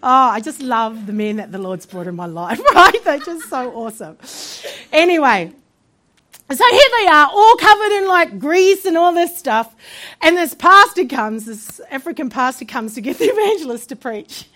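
A woman preacher telling a testimony from the pulpit, animated and laughing often as she acts out the voices in her story. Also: high-pitched, normal speed.

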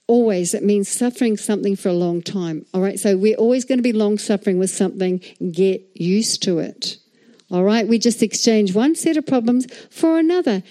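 A middle-aged woman pastor delivers a sermon in a lively, conversational way. She checks in with the congregation at every turn, and her voice stays mellow and warm in tone even as she gets animated. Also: mid-range voice, normal speed. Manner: animated, chatty preaching with frequent "all right?" and "amen?".

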